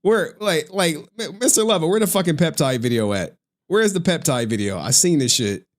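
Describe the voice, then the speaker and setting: A man's voice: a little high, lively intonation, fairly quick. A man on a livestream ranting in a slangy, profane, trash-talking style, laughing often. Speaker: streamer.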